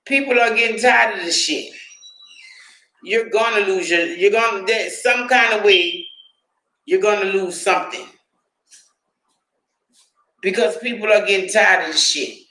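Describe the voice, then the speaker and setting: A man's voice: high voice, unhurried, pauses often, sharp tone, reverberant, low-quality recording. A man hosting a livestream, giving casual, profane commentary, often laughing and talking to his chat. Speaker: livestream host.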